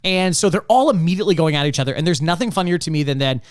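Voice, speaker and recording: A man co-hosting a podcast in casual chat, rambling and animated, with lots of fillers and laughs. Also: on the high side, rapid-fire, no echo, studio quality. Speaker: podcast co-host.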